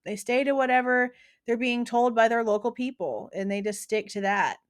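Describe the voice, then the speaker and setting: A woman's voice: a little high, normal speed. A woman hosting true crime commentary, talking casually in a slangy, emphatic, opinionated way.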